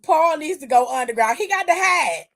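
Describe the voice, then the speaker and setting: Animated high-voiced woman, profane commentary. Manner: loud, animated, profane, quick to laugh. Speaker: host. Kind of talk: casual wrestling aftershow commentary.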